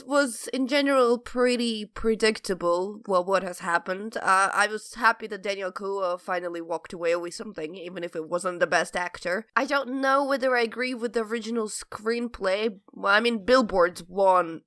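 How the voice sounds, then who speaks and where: A woman co-hosting a podcast in casual chat, animated and laughing often. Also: mid-range voice, moderate pace, few pauses, no echo, clean studio sound. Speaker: podcast co-host.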